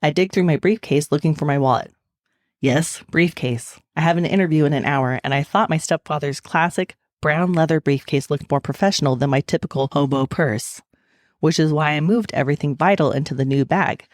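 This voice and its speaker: A woman's voice: low voice, brisk, a little mellow, no room sound, clean studio sound. A woman author talking candidly in an interview and reading her own novel aloud, laughing easily. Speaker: author and guest.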